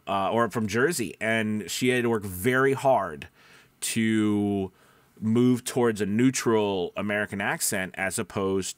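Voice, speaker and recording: A man's voice: fairly low pitch, fairly bright tone, no room sound. Nasal-voiced man giving advice. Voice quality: somewhat nasal. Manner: conversational, restarts, asks viewers questions. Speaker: voice-over coach. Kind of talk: casual advice talk to camera.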